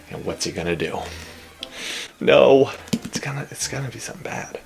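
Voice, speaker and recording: A man's voice: medium pitch, animated, moderate pace, gravelly, pauses often, faint music behind. A man casually reacting to a fantasy romance novel he is reading, joking and laughing a lot. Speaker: book reviewer, reader.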